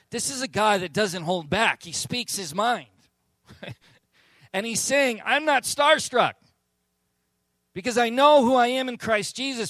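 Animated, high-voiced pastor preaching. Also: male voice, no echo. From Southern California. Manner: animated storytelling, acts out quotes. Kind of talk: sermon.

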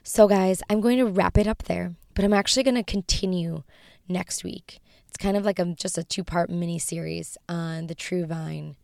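A woman hosts a devotional show, teaching and leading spoken prayer. Her voice is raspy and low-pitched, and she speaks gently, often falling to a whisper. The sound is close and dry, with no room around it. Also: fairly even intonation, moderate pace, no room sound. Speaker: podcast host.

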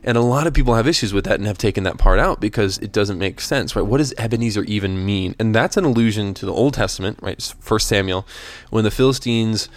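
A man's voice: fairly low pitch, fast. A man casually explaining the meaning of hymn lyrics and his faith in an earnest, thoughtful way, often restarting and checking in with "right?". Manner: thoughtful and earnest, with frequent restarts and tag questions.

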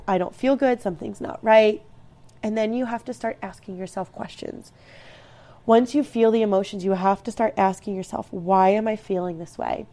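Earnest woman with a mellow voice. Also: medium pitch. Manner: earnest, rambling with many restarts. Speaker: speaker sharing personal growth advice. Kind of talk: reflective personal talk.

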